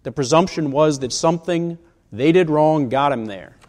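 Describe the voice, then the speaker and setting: A man's voice: a little high, normal speed, a little mellow. A man in his sixties preaching a sermon in a conversational way, asking rhetorical questions. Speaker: pastor. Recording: long reverb of a large hall.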